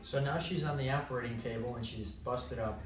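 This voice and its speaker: A man's voice: mid-range voice, a little fast, distant mic. A man in casual chat who keeps asking questions and steering the talk back, heard from afar. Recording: echoey room from afar with noise.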